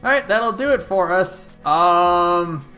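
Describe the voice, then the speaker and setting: A man's voice: sits high, lively intonation, takes it slowly, sharp tone, faint music behind. A man co-hosting a podcast in casual chat. He is laid-back and swears casually, with plenty of fillers. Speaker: podcast co-host.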